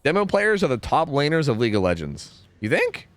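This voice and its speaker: A man's voice: on the high side, big pitch swings, brisk, a bit bright, dry recording. A young man streaming a game, chatting casually and rambling through answers to chat, often stumbling and repeating words.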